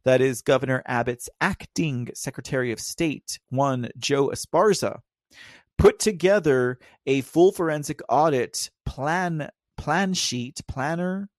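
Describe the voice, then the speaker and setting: A man's voice: medium pitch, unhurried, no room sound, studio quality. A man with a Texan drawl hosting a casual live stream, rambling, laughing often and talking straight to his chat. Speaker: livestream host.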